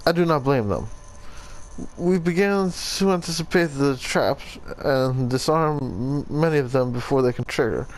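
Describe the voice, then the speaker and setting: A grim Italian swordsman tells of a deadly tomb in a clumsy put-on accent that keeps sliding toward Russian, as a man puts him on. The reading is melodramatic and over the top, pitched higher than an ordinary male voice, with a faint hiss of noise behind. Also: animated, a little slow, natural voice.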